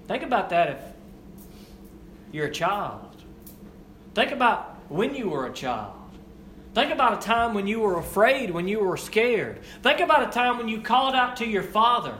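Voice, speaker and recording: A young man preaching a sermon, repeating his lines and swinging between hushed and raised delivery. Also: very high-pitched, big pitch swings, moderate pace, slight background noise. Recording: echoey room with faint ambience.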